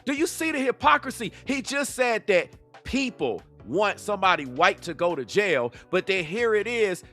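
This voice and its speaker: A man's voice: high voice, very animated, normal speed, bright, forceful tone, soft background music. A man giving heated reaction commentary, confrontational and full of rhetorical questions. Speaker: YouTube commentator.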